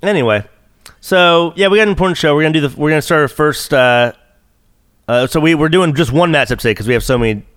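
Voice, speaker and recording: A man's voice: on the high side, quick pace, a bit bright, clear, resonant tone, dry recording, clean studio sound. Rambling, profane man hosting a podcast. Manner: rambling, profane, full of fillers and restarts. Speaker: podcast host. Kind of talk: casual bickering podcast banter.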